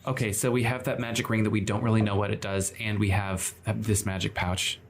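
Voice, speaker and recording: A man's voice: fairly low pitch, little pitch movement, brisk, a little hiss or hum. Man player summing things up. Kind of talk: casual roleplay.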